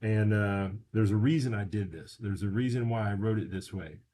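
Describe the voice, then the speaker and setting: A man's voice: on the low side, dark tone. A man teaching a beginner language lesson from slides, repeating words for practice. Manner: repeats words slowly for drilling.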